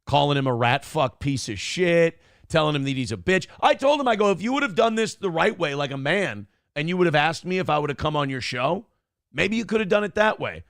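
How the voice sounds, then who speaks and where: A man rants through his morning show with brash, profane bravado. His voice sits a little high and carries a gravelly rasp. The sound is close and dry. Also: sing-song, brisk, fairly bright tone, dry recording. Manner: brash, profane, boastful storytelling. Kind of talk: casual talk show rant.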